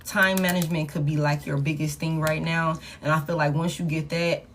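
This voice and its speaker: A woman with a slightly low voice gives a casual tarot reading. She talks in a slangy, emphatic way and repeats her points to drive them home. Faint background noise sits under the voice. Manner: repetitive, emphatic, slangy pep talk. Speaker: tarot reader.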